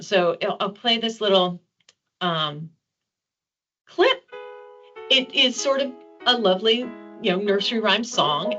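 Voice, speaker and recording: A woman's voice: mid-range voice, sharp tone. A woman professor giving an enthusiastic webinar lecture, with frequent ums and restarts. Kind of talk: presentation lecture. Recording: slightly dull lo-fi webinar audio.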